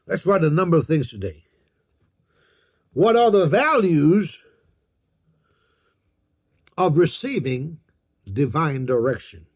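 A husky-voiced male pastor preaching slowly, his pitch swinging up and down as he stresses each phrase. He reads scripture aloud and calls on the congregation to repeat after him. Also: very animated, darkish tone. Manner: call-and-response preaching, repeats key phrases. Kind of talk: sermon.

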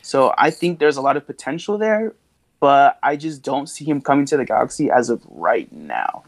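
A man's voice: medium pitch, sing-song, moderate pace, creaky. A man co-hosting a casual sports podcast, rambling a little and searching for his words. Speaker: podcast co-host.

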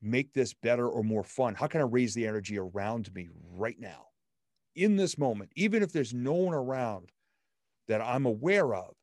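A man as a podcast guest, telling everyday stories in an upbeat, animated way. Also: medium pitch, normal speed, no echo, clean studio sound. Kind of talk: conversational storytelling.

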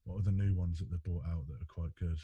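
A man's voice: sits low, fairly even intonation, fast talker, husky, narrow, tinny audio. A man hosting a podcast in casual chat, sweary, laughing often and trailing off mid-sentence. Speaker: podcast host.

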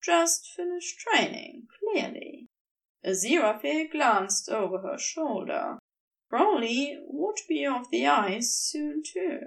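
A woman narrating a fan story aloud as a podfic reader, unhurried and expressive. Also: high-pitched, gravelly, far from the mic.

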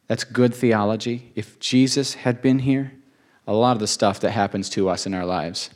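A man's voice: lowish voice, fairly even intonation, normal speed. A man preaching a sermon, earnest and emotional, repeating phrases for emphasis.

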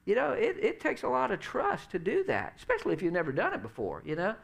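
A man's voice: sits high, huge pitch swings, quick pace, gravelly. A middle-aged male pastor preaching a sermon in a loose, conversational way, peppering his lines with "you know" and "uh.".

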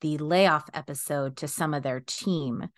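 Lowish-voiced woman podcast co-host. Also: measured pace, dry recording, studio quality. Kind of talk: casual chat.

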